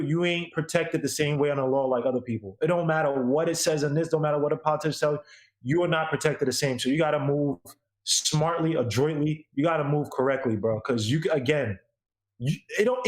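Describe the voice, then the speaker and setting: A man's voice: fairly high pitch, fairly quick. Emphatic slangy man in an echoey room. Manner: emphatic, repetitive, slangy rant. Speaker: podcast co-host. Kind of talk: casual opinion chat.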